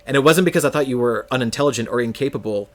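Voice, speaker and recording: A man from California chats on a live stream in an ordinary mid-pitched voice. He wanders through long, self-mocking stories and often laughs partway through them. His delivery is loose, friendly and unscripted. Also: very fast. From California, United States. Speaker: game streamer. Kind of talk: casual storytelling chat on a live stream.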